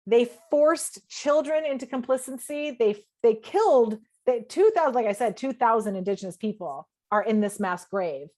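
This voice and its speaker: A woman's voice: mid-range voice, a little mellow. A woman, a podcast guest on a video call, telling a personal story with strong emotion and free swearing, often quoting her own thoughts. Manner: emotional, swears freely, quotes herself in her head.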